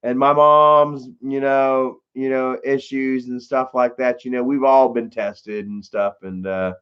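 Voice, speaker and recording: A man's voice: mid-range voice, fairly even intonation, unhurried, clean tone, highs cut off. A man hosting a livestream, telling a rambling, profane story to his chat, with "man" and "bro" after nearly every phrase. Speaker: livestream host. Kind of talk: casual storytelling to live chat.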